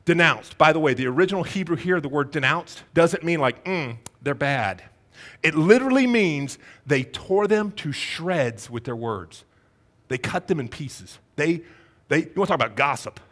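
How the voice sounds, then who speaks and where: A man preaches in an animated, storytelling way, putting on voices for the characters and firing rhetorical questions at his listeners. His voice sits a little high and swings widely in pitch as he builds the story. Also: normal speed. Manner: conversational, rhetorical questions to the congregation. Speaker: pastor. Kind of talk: sermon.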